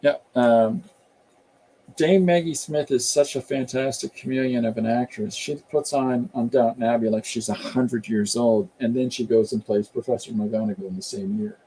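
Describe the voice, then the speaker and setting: Male streamer, casual and rambling, mellow husky tone, reacts to chat. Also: medium pitch, steady tone, moderate pace. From Canada. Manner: rambling, chatty, reads viewer comments aloud. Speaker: comic artist hosting a live stream.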